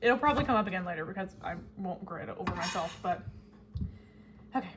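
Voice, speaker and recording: A woman's voice: fairly low pitch, fairly quick. Chatty young woman rambling in a noisy kitchen. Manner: chatty, rambling, self-mocking. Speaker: vlogger. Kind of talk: casual chat. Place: home kitchen while cooking.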